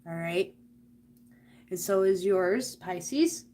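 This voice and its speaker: A woman's voice: lowish voice, extremely slow, dark tone. A woman giving a live tarot and oracle card reading, speaking earnestly and directly to the viewer about spirit and energy.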